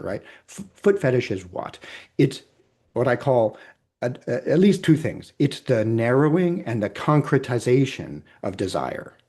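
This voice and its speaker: A middle-aged man talks over a video call as a psychologist guest, his voice husky and a little low. He explains ideas thoughtfully, hedging and checking in with the listener as he goes. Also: darkish tone. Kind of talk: conversational explanation.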